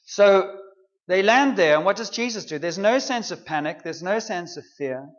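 Guy giving a sermon, chatty and jokey, pretty high voice, dull muffled recording. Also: expressive, normal speed. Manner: conversational, humorous, playful asides. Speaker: preacher.

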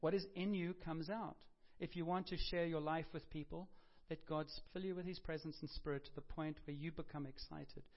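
Lively preacher man, muffled lo-fi sound. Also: on the high side, moderate pace, hardly any pauses. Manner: conversational storytelling with self-corrections and humor. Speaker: pastor. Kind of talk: sermon. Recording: dull lo-fi sound.

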